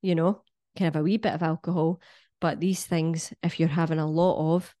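A woman's voice: deep voice, fairly even intonation, normal speed, mellow, dry recording. A middle-aged Scottish woman giving blunt, sweary, cheeky health advice straight to her viewers in a casual monologue. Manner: blunt, sweary and cheeky, lectures the listener directly. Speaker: wellness vlogger.

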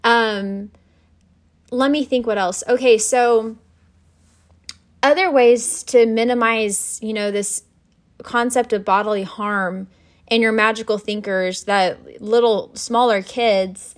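A woman's voice: on the high side, steady tone, takes it slowly. A woman teaching nursing students in a conversational recorded lecture, talking with many fillers and restarts. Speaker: nursing instructor.

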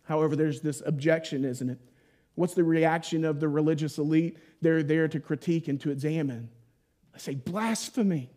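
A man with a high, light voice preaches a sermon like a storyteller. He jumps into playful voiced asides and then drops to a hushed, solemn hush for weighty moments. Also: little pitch movement, brisk.

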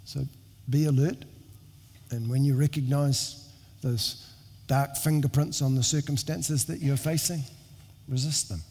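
Earnest middle-aged preacher in a reverberant hall. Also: male voice, medium pitch, steady tone, unhurried, pauses often, a little mellow, slightly rough. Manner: earnest, conversational, with frequent restarts and self-deprecating asides. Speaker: pastor. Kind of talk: sermon with storytelling. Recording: long reverb of a large hall.

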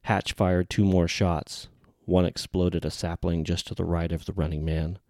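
A man narrating an audiobook in a steady, even reading. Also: deep voice, moderate pace, no room sound, studio quality.

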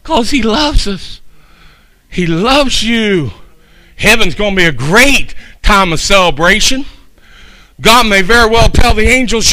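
A man preaching a sermon, swinging from shouted peaks to soft, slow asides and folksy, humorous stories. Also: high voice, expressive, rough recording. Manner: folksy storytelling with homespun humor.

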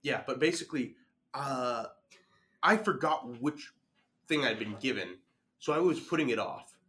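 A young man on a podcast telling a school story in a casual, animated way, laughing as he goes. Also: medium pitch, a little slow. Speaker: podcast guest.

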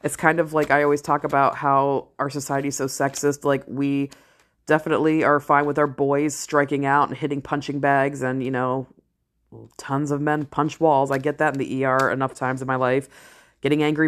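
A middle-aged woman talking straight to camera in a casual vlog, blunt and candid, swearing freely and slowing down to stress key phrases. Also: a bass voice, flat delivery. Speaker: vlogger, parent and ER worker. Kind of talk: casual talking-head commentary.

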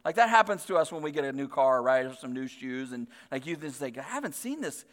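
A man's voice: mid-range voice, fairly quick, fairly bright tone. A man in his thirties preaching a casual, storytelling sermon as a pastor, talking in a chatty way full of "like" and restarts. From Northern California. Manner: chatty, filler-heavy, self-deprecating. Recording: long reverb of a large hall.

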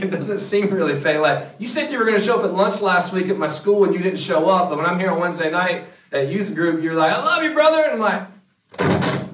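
A man's voice: fairly high pitch, a bit bright. A man preaching a sermon as pastor in a conversational way, often restarting his words. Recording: echoey room, mic at a distance.

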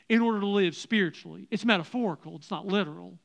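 A man with a fairly high voice preaching to his church. He talks in an easy, conversational way, putting questions to the congregation and sinking almost to a hush on key lines. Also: quick pace, vocal fry. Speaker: pastor. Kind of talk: sermon. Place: church service.

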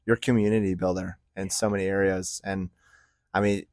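A man's voice: low-pitched, level tone, a little mellow, dry recording, studio quality. A man hosting a podcast interview in a casual chat, often stumbling over his words and repeating them. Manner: halting, repeats words, laughs along. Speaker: podcast host.

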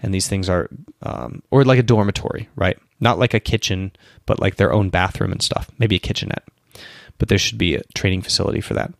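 Low, gravelly, and steady, this man's voice moves fairly quickly in a dry, clean studio recording. Hosting a casual solo question-and-answer podcast, he explains things at length, restarting and going off on asides, yawning and tired in the early morning.

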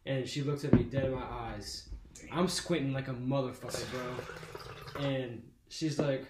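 A young man tells a story in a loose, profanity-heavy way, jumping into the voices of the people in it. His voice sits at an ordinary pitch. The room sounds echoey, with a faint hiss under it. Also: steady tone, measured pace. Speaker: podcast host. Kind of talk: casual storytelling.

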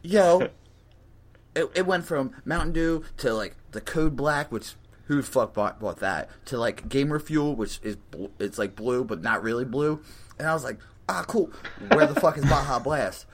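Young dude telling a story, sweary, animated rant. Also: male voice, medium pitch, moderate pace, slight background noise. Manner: animated, profane storytelling with put-on quotes. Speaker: storyteller host. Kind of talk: casual comedic rant.

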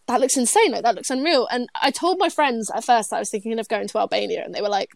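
Young woman, high voice, dry close sound, giggly rambling chat. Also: fast, vocal fry, hardly any pauses, dry recording. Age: 20s. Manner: giggly, rambling, lots of fillers and restarts. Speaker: guest, traveler. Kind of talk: casual chat.

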